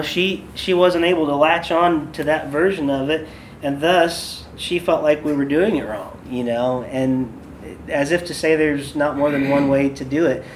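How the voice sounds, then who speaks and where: A man's voice: fairly high pitch, slight background noise. A man who leads worship, giving a casual workshop talk full of stories and loose asides. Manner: chatty, loose, with many fillers and asides. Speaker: worship leader and podcast host.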